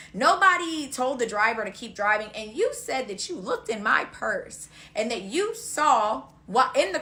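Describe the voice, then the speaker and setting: A young woman with a bright, sharp voice tells a casual storytime rant. She is blunt and swears freely, and she slips into quoted back-and-forth dialogue as she speaks. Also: medium pitch.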